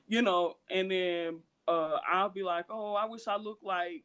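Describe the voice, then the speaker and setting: A woman's voice: on the low side, moderate pace, few pauses, fairly bright tone. Earnest woman podcast co-host. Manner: earnest, emphatic, repeats points for stress. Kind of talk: candid casual podcast chat.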